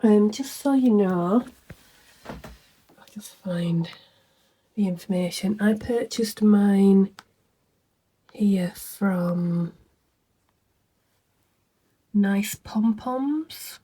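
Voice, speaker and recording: Soft-spoken woman vlogger, slow and mellow, a bit husky and tired. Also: mid-range voice. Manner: chatty, rambling, soft-spoken with frequent fillers. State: tired, yawning. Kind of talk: casual vlog chat. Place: home.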